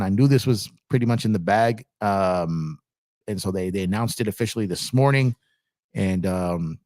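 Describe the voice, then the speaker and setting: A man hosting a sports live stream, chatting casually and reacting out loud in excited bursts while greeting viewers by name. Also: lowish voice, dry recording, clean studio sound. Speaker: sports channel host.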